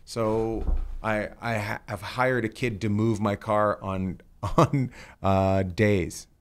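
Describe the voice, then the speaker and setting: A man's voice: on the low side, fairly even intonation, slow, slight background noise. A man hosting a podcast, telling rambling stories in casual chat and swearing freely. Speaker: podcast host. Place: lives in California.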